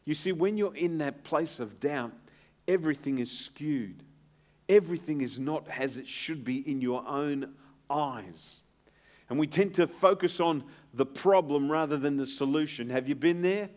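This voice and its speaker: A man's voice: fairly high pitch, a little slow. Earnest male pastor preaching. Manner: earnest, emphatic, drops to a hushed tone for reassurance. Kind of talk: sermon.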